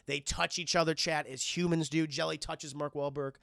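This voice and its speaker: Gravelly, high-voiced male streamer. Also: normal speed, dry recording, studio quality. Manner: animated, profane, keeps addressing chat. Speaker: streamer film reviewer. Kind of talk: casual scene-by-scene film recap to live chat.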